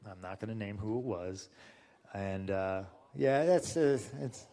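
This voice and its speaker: A man's voice: on the low side, a little slow. A man as an interview guest, telling stories casually with lots of swearing and fillers. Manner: profane, animated retelling with lots of fillers.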